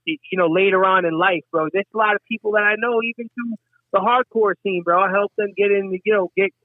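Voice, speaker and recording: A middle-aged hip hop artist from Westchester, New York, is a guest telling casual stories, swearing freely and animatedly acting out what other people said. His voice sits high and moves briskly. The recording is dry and tinny, like a phone.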